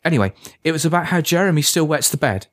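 Smug older-sister type, raised pitch, teasing; male narrator voices her. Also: animated, fast talker. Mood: gossipy. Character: teasing teenage girl, smirking older sister.

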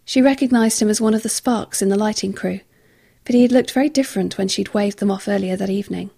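Husky, gravelly woman narrating an audiobook. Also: medium pitch, fast talker, mellow.

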